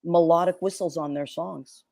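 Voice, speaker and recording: A woman's voice: on the low side, fairly even intonation, normal speed, gravelly, warm tone, no echo, studio quality. A woman hosting a talk show, chatting in an effusive, rambling way. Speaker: show host. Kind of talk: casual chat.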